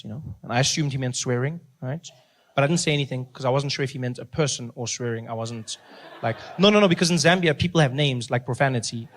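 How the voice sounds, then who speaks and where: A man with a South African accent doing stand-up, telling animated stories and acting out the people in them. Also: medium pitch, fast. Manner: animated storytelling with acted-out voices and laughter. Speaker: stand-up comedian. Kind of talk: stand-up comedy.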